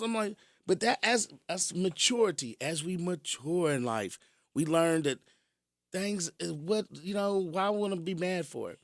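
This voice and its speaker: Man, radio host, storytelling, chuckles a lot, slightly high voice, dry sound. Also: a little slow, no room sound. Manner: animated, chuckling as he tells stories.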